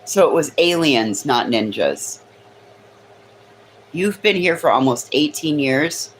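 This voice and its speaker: A woman's voice: deep voice, lively intonation, takes it slowly, slight background noise, poor audio. A woman hosting a casual livestream from home, teasing her chat with sarcastic remarks. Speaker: livestream host. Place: home near a kitchen.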